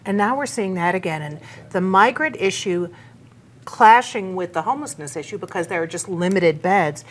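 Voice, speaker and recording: A woman's voice: fairly low pitch, lively intonation, normal speed. A woman journalist on a panel, explaining a local issue in an earnest way. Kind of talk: panel discussion.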